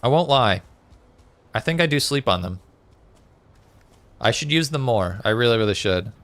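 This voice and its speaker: A man's voice: medium pitch, animated, moderate pace, a bit bright. A man chatting casually with viewers on a live gaming stream, reading out chat messages with lots of fillers. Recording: faint music behind.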